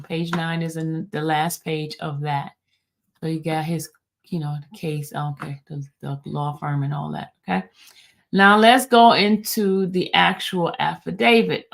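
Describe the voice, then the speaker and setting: A woman's voice: sits low, gravelly. A woman hosting a livestream recap. She reads court filings aloud, stumbling over the legal wording, and talks casually straight to her viewers in chat. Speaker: livestream host.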